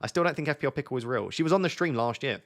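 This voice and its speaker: A man of ordinary pitch who talks at length in an easygoing, joking way, answering viewer questions on a live stream from his home setup. He rambles happily from one answer to the next. He is relaxed and quick to tease. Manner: waffling, joking. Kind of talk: casual live-stream chat.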